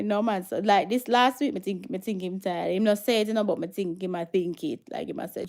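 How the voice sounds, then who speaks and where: A woman's voice: mid-range voice, normal speed, few pauses, darkish tone. A Jamaican woman hosting a casual livestream, chatting with viewers and slipping into patois. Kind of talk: casual livestream chat, reading viewer comments.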